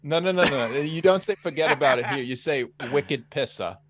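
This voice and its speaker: A man's voice: on the high side, a little fast, fairly bright tone. A man from the area, co-hosting a casual podcast stream and teasingly reading out viewers' chat. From Boston area. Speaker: podcast co-host.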